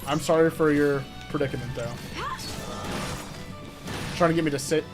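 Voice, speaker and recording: A young man chatting live on a game stream, excitable and swearing, laughing often and talking to his chat. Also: on the high side, moderate pace, over music.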